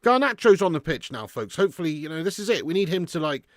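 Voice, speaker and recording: A man hosting a live football watch-along, chatting casually, reading out viewer messages, and swearing loudly when his team concedes. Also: fairly high pitch, fast, no room sound, clean studio sound. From England. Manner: excitable, swearing, chatty and laddish.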